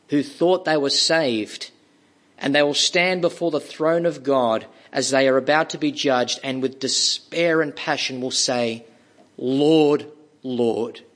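A man preaching a sermon, slow and emphatic, with dramatic pauses and repeated words for stress. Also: sits high, fairly bright tone.

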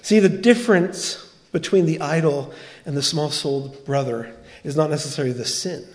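A man preaching a sermon as pastor, earnest and animated, acting out quoted dialogue as he tells a story. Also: fairly high pitch, normal speed.

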